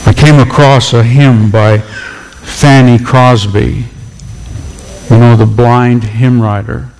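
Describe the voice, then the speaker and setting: A man's voice: medium pitch, steady tone, takes it slowly, darkish tone, a little hiss or hum. A man preaching a sermon as pastor, emphatic and repeating phrases for effect. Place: church. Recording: long reverb of a church hall.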